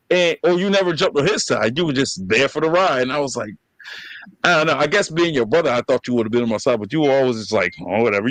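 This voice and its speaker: Black dude hosting a podcast, swearing, animated storytelling, kinda high voice. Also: male voice, dry recording, low-quality recording. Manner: profane, animated storytelling with laughs. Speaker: podcast host. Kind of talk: casual conversation with his brother.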